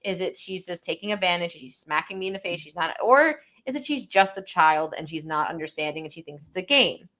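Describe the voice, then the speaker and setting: A woman's voice: on the low side, lively intonation, fairly quick, hardly any pauses, bright, forceful tone. A young woman co-hosting a casual podcast, telling a parenting story with many "like"s and quoted lines. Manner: storytelling, quoting her toddler with lots of "like". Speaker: podcast co-host. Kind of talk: casual chat.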